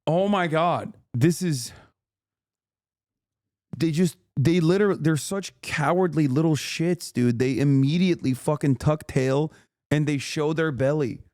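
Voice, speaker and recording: A man's voice: fairly high pitch, measured pace, a little mellow, dry recording, studio quality. A man streaming live, reacting to the news in a profane, exasperated rant to his chat.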